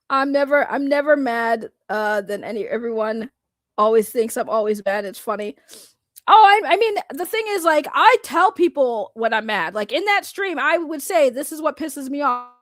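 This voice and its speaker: A woman from Boston ranting on a live stream, loud, blunt and sarcastic, laughing often. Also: a little high, animated, moderate pace, no echo. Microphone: computer microphone.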